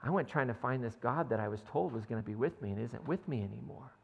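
A man's voice: mid-range voice, expressive, fast talker, gravelly, slightly rough, big-room sound, lo-fi sound. A man preaching a sermon in a conversational way, often checking in with his listeners and reading scripture aloud. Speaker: pastor. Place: church sanctuary.

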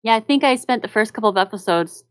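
A woman's voice: a little high, expressive, fast talker, no echo, studio quality. A woman co-hosting a podcast in casual chat, playful and teasing. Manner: playful and teasing, often laughing. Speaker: podcast co-host.

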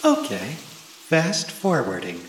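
A man puts on the slow, clipped computer voice of an armored van, its pitch sliding widely between words. It sounds recorded in a roomy space with clear noise underneath. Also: heavily acted. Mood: robotic. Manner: flat, clipped machine announcements.

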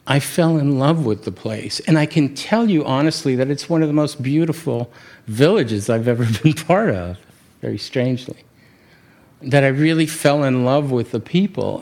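A man from New York City telling a reflective personal story, often halting and restarting his words and chuckling at himself. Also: medium pitch, vocal fry, darkish tone. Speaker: speaker sharing a personal story.

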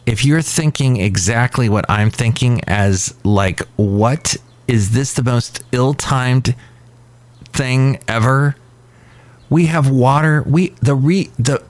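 A man's voice: on the low side, no room sound. A man hosting a casual podcast outdoors near a cafe, giving sarcastic, ranting asides. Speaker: podcast host. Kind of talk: casual solo podcast talk. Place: outside a cafe.

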